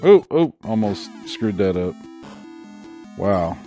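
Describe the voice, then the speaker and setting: A man's voice: on the low side, sing-song, slow, warm tone. A middle-aged man streaming a game in casual chat, laid-back and chuckling at himself. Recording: faint game music behind.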